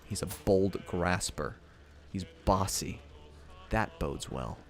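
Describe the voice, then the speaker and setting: Low-voiced man streaming a strategy game. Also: animated, slow pace. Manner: thinks out loud, reads game text aloud. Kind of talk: casual live gameplay commentary.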